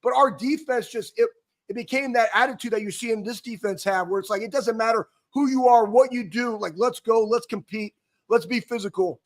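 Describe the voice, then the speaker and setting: A man co-hosting a sports talk show, telling a rambling, animated story about his playing days with many restarts. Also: extremely high pitch, brisk. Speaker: co-host, former football player.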